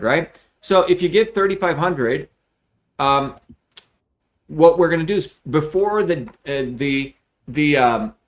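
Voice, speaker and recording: A middle-aged man hosting a live telethon, his voice sitting a little high for a man. He talks straight to his viewers in a blunt, emphatic pitch, swearing freely as he explains and urges. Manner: blunt, profane and emphatic, addressing viewers directly. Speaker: host of a live fundraising telethon.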